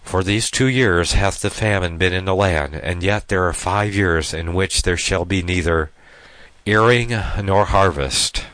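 A man with a notably low voice reads scripture aloud, then breaks off to explain it in plain, everyday words. The sound is close and dry, with no room around it. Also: a little slow, fairly bright tone, dry recording. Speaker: Bible teacher. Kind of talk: scripture reading with commentary.

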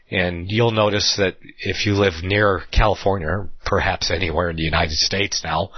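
A man giving an unscripted Bible study talk, rambling with fillers and restarts, slowing down to stress key words. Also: low voice, dry recording, lo-fi sound.

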